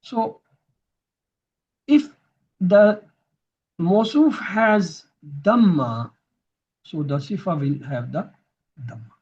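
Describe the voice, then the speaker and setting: A man's voice: sits high, animated, drawn-out words, long pauses, a little mellow, husky, highs cut off. A man teaching grammar in a recorded lesson, patiently repeating each term so students can drill it.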